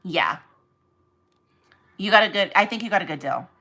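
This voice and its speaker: A woman's voice: mid-range voice, animated, normal speed, pushed and bright, rough recording. A woman hosting a casual livestream as she packs orders, chatting and rambling off on tangents while talking to her viewers by name. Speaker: online reseller livestream host.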